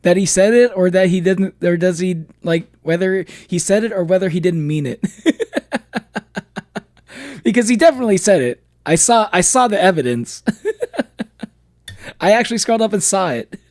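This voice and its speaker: A man's voice: sits high, lively intonation, normal speed, pauses often, darkish tone, no room sound, studio quality. A man streaming a game, chatting playfully with viewers and laughing often. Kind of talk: casual let's-play chat with viewers.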